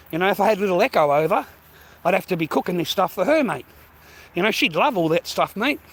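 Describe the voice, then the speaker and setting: A middle-aged Australian man chatting and swearing on a casual vlog while walking, calling viewers mate and bro. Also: high-pitched. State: out of breath carrying a heavy bag. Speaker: vlogger. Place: outdoors walking in street. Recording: faint traffic noise outdoors.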